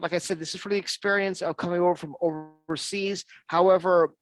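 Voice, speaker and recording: A man's voice: a little high, no echo. A man hosting an online fan show, chatting casually and enthusiastically, often restarting his sentences. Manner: rambling, enthusiastic, with frequent restarts. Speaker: host of a fan-group show.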